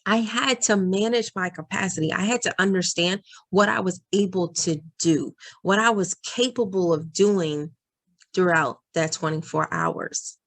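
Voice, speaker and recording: Woman, slightly low voice, earnest and encouraging, vlog advice to camera. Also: a little slow. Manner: earnest, encouraging, speaks to viewers as "y'all". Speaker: working moms coach.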